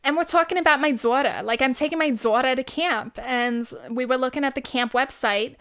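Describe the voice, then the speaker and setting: A woman's voice: sits high, a bit bright, clean tone. A woman putting on an exaggerated Long Island accent to play a pushy middle-aged mom talking about her daughter. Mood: brash. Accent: mock Long Island. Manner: exaggerated, drawn-out vowels.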